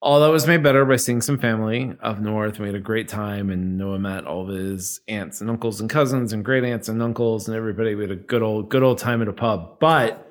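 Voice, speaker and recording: A man co-hosting a casual chat show, telling a travel story with lively, acted-out quotes. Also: on the low side, a little fast, hardly any pauses. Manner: animated storytelling, acts out quotes. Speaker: podcast co-host.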